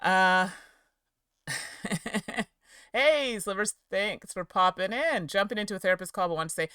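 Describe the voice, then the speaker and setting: A middle-aged woman talks casually to her livestream chat from home, rambling from one aside to the next and laughing often. Her voice is bright and forward, and it sounds dry and close to the mic. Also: medium pitch, unhurried, smooth, no room sound. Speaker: streamer and game reviewer. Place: home office.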